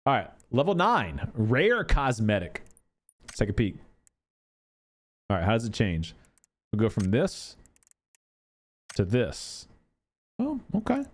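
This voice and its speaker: A man giving casual commentary on game cosmetics, with an animated, exasperated, swearing manner. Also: medium pitch. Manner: animated, exasperated ranting with profanity. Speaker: gaming content creator.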